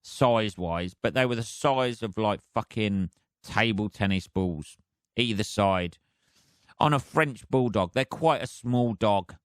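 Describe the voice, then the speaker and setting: A man's voice: fairly low pitch, a little slow, no echo, studio quality. Rambling, foul-mouthed man. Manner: rambling, heavy swearing, chuckling. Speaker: podcast host. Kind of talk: casual solo monologue.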